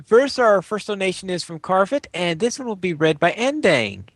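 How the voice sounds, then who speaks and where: A man's voice: sits high, very animated, moderate pace, no echo. A man hosting a gaming podcast, steering segments with formal phrasing. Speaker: podcast host. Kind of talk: casual podcast chat.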